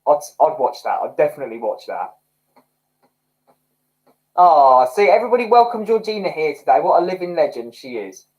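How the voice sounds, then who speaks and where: A man's voice: on the high side, big pitch swings, moderate pace, pauses often, muffled recording. A young man chats his way through a livestream. He rambles and talks expressively, his voice rising and falling a great deal as he reads out viewer comments. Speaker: livestream host. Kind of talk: casual livestream chat reading comments.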